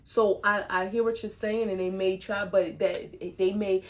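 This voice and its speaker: A woman co-hosting a podcast, talking in a measured, reasoned way in casual chat. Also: mid-range voice, fairly even intonation. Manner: measured, reasoned, hedges with "I think" and "you know". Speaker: podcast co-host.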